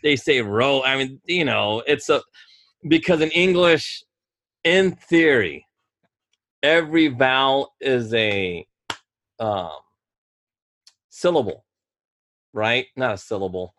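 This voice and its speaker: A man's voice: medium pitch, slow, long pauses, a bit bright. A man co-hosting a casual podcast chat, talking emphatically and rambling, often stalling to hunt for a word. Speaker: podcast co-host.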